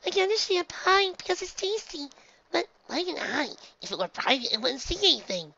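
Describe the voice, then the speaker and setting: A narrator voicing a timid, excitable young pony filly in a high squeak, on a dull lo-fi recording. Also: fast, vocal fry, exaggerated voice. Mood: puzzled.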